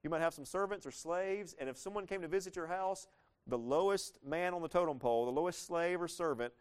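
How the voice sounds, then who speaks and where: A man preaching a sermon, lively and conversational, asking his listeners questions and acting out the lines he quotes. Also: medium pitch. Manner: animated, asks the congregation questions, acts out quoted lines. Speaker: pastor.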